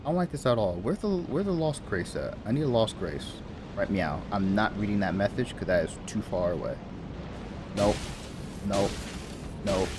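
A YouTuber with a lowish voice offers casual let's-play commentary at a normal speed, with background noise behind him. He stays animated throughout, talking to the game's characters and laughing and muttering to himself.

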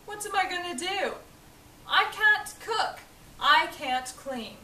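A woman's voice: extremely high pitch, expressive, slow pace, bright, forceful tone, heavily acted. Ciel, a bratty boy earl, played by a woman. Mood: ranting. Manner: whiny, petulant ranting. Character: spoiled bratty young boy earl, petulant. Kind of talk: fan cosplay skit. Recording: echoey room, voice from a distance, faint hiss.

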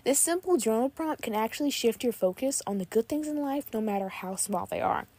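A woman's voice: a little high, animated, fairly quick, mellow. Bubbly young woman, gushing podcast host. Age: young adult. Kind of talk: casual podcast chat.

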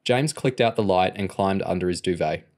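A man reading chapters of a novel aloud in steady, plain narration. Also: low-pitched, normal speed. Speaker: audiobook reader.

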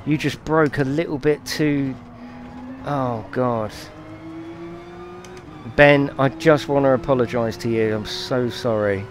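A man's voice: mid-range voice, fairly even intonation, unhurried. A man commentating his own racing game on a live stream, swearing, apologising and giggling, with music playing behind him.

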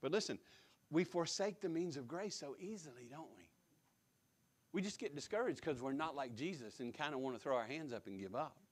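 A man's voice: on the high side, animated, brisk. A man preaching a sermon as pastor, emphatic, repeating key words and putting direct questions to the congregation. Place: church sanctuary.

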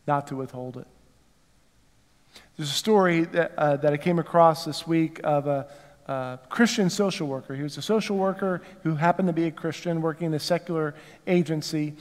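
A man's voice: fairly high pitch, a little mellow, in a large hall. A male pastor with a Southern American accent, preaching a conversational sermon and putting rhetorical questions to the congregation. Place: church sanctuary.

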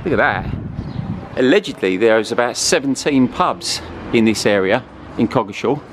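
A man's voice: medium pitch, expressive, moderate pace. A man hosting a walking travel vlog outdoors, effusive and enthusiastic as he chats with strangers. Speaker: travel vlogger and host. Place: outdoors walking through a town. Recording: outdoor street with passing traffic.

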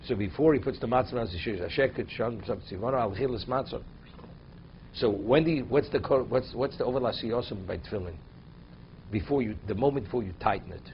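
A man's voice: mid-range voice, quick pace, lo-fi sound, slight background noise. Man teaching a text-based halacha class. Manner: reads Hebrew text aloud, then explains it in English. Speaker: Torah teacher.

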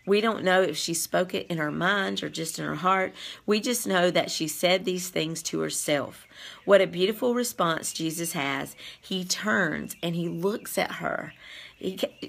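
A woman's voice: lowish voice, vocal fry, fairly bright tone. A woman giving a casual devotional Bible teaching, talking straight to her listeners and reading scripture aloud. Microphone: streaming over the internet.

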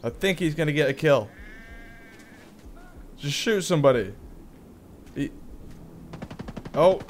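A young man, a gaming YouTuber, chatting casually through gameplay with quick surprised exclamations. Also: a little high, lively intonation, a little hiss or hum. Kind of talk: live gameplay commentary.

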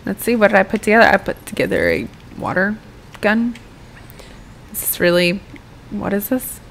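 A woman's voice: medium pitch, fairly even intonation, moderate pace, gravelly, slight background noise. A young American woman giving casual, rambling gameplay commentary and swearing freely as she plays. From United States. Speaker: gaming YouTuber.

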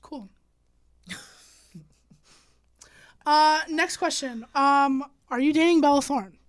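A young woman hosting a podcast, chatting casually with a dry, sarcastic, deadpan manner and lots of fillers. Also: high-pitched, slow, no echo. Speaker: podcast host.

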